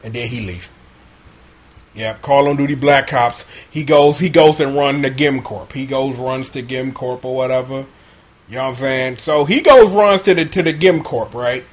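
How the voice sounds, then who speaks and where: A man reviewing a show in a profane, slang-heavy, animated comedic recap. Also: medium pitch, normal speed.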